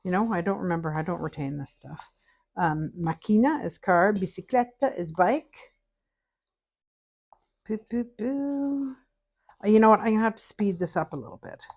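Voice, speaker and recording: A woman's voice: fairly low pitch, a little fast, gravelly, darkish tone. A middle-aged woman from Canada, chatting casually while she teaches a cake recipe and hums to herself as she works. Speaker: cooking instructor. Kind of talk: casual cooking tutorial chat.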